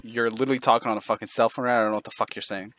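A man's voice: medium pitch, fairly even intonation, rapid-fire, a bit bright, slight background noise. A man hosting a heated voice chat, aggressive and mocking, cutting in constantly and berating the people he talks to. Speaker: Discord server host. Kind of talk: heated voice-chat trash talk.

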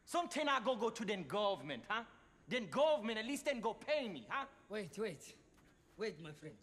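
A man's voice: sits high, sing-song, normal speed, fairly bright tone, big-room sound. An actor playing a shady male arms dealer who haggles and tags his lines with "huh?". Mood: haggling. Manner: haggling, tag questions like "huh?" and "eh?".

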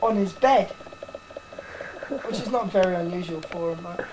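A man's voice: high voice, normal speed, background noise. A young man filming his barrack mates on a handheld camcorder, narrating in a crude, teasing, sweary way. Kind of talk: casual home-video banter. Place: army barracks block, indoors. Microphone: handheld camcorder mic.

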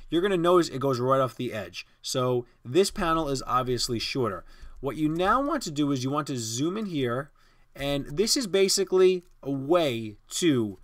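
A man guides viewers through a design program, talking casually and in plain steps. His voice sits in an ordinary middle pitch. The sound is close and dry, with almost no room echo. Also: fairly bright tone. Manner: casual, step-by-step instruction with fillers. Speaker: design tutorial host. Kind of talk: screen-recorded software tutorial.

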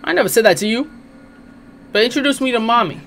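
A young man giving casual, crude, jokey let's play commentary on a horror game, swearing often and reacting loudly. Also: extremely high pitch, lively intonation, fast, gravelly, background noise. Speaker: gaming channel host.

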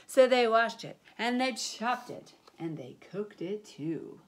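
A woman teacher reading a picture book aloud to children, animated, with character voices and sound effects. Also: on the high side, slow pace, few pauses.

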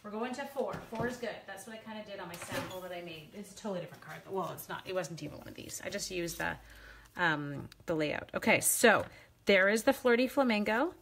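A woman's voice: mid-range voice, a little fast, fairly bright tone, a little hiss or hum. A woman hosting a live craft demonstration, chatting playfully with viewers and teasing herself as she works. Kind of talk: casual live craft demo.

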